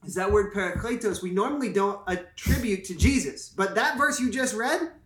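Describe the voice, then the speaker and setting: High-voiced and a bit bright, the man talks at normal speed with lively intonation. He's a pastor and podcast co-host whose casual Bible teaching is playful and enthusiastic, full of jokes and explanation, and the room sound is roomy and echoey.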